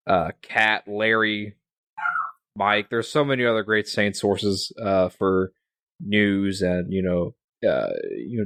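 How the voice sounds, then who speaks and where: A man's voice: on the low side, fairly bright tone, no room sound, clean studio sound. A young man hosting a casual sports podcast, rambling with lots of fillers and restarts. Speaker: podcast host.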